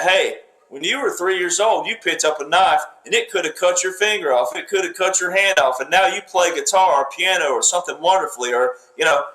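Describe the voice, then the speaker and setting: A man's voice: on the high side, pushed and bright. A man giving political commentary in an emphatic, lecturing way, repeating himself and talking in fragments. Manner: emphatic, repetitive, speaks in fragments. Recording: roomy echo.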